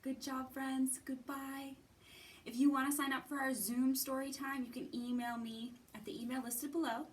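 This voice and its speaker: A woman librarian reading a picture book aloud and hosting a children's storytime, slow, expressive and gentle. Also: high voice, far from the mic.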